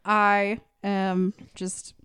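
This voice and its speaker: A woman's voice: medium pitch, flat delivery, very slow, noisy background. A woman co-hosting a comedy podcast in casual chat, rambling along with lots of fillers. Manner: rambling, filler-heavy, easygoing. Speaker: podcast co-host.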